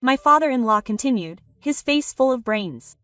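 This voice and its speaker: Woman narrator, higher pitch, even storybook reading, voice set back from the mic, soft music underneath. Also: moderate pace, dry recording. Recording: distant voice over soft background music.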